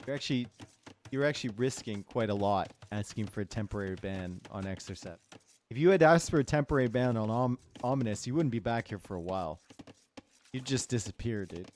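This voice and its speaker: A man's voice: fairly low pitch, lively intonation, a little fast, darkish tone, a little hiss or hum. A man casting a live strategy-game match, laid-back and chatty, teasing his live chat between plays. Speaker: tournament caster. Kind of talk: live esports commentary mixed with chat banter.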